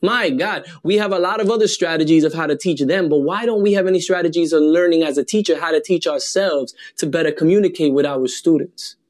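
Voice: mid-range voice, fairly quick, hardly any pauses, darkish tone. An educator giving a direct, earnest scripted address in a video.

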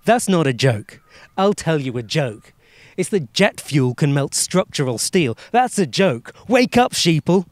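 A man's voice: a little high, sing-song, a little slow, no echo. A man voicing a blunt woman who insists on her conspiracy theory. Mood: insistent. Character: woman named Roisin, blunt conspiracy believer.

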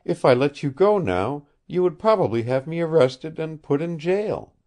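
A man's voice: a little high, animated, moderate pace, dark tone, voice pushed up, close to an everyday voice. A man reading the part of an earnest, innocent young woman who holds a prisoner, speaking with childlike sincerity. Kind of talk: audiobook character reading.

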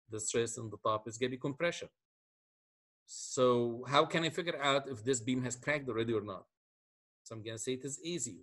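Husky-voiced man lecturing on beams. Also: medium pitch, a bit bright. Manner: explains step by step, asks the class questions. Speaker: engineering lecturer. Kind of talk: classroom lecture.

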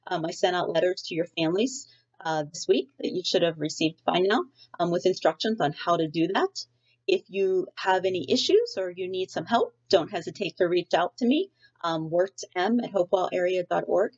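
A woman's voice: lowish voice, moderate pace, dull audio. A middle-aged woman teacher chatting in a friendly way with many fillers, reading a storybook aloud to students from home.

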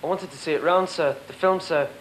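A man acting as a dutiful young army cadet, answering his officer in short, clipped, obedient replies. His voice sits a little high, with a faint hiss and a slightly distant mic. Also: fairly quick, natural voice.

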